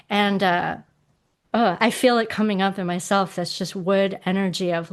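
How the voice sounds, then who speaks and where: A middle-aged woman appears as a podcast guest, explaining ideas casually with animated emphasis and acting out quoted voices. She speaks at a normal speed in a medium-pitched voice with a clean tone.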